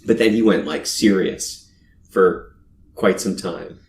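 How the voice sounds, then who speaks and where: A man's voice: low voice, slow, vocal fry, darkish tone, echoey room. A man co-hosting a podcast, laid-back and agreeable, talking casually with many fillers. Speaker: podcast co-host. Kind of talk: casual chat. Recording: distant mic with faint noise.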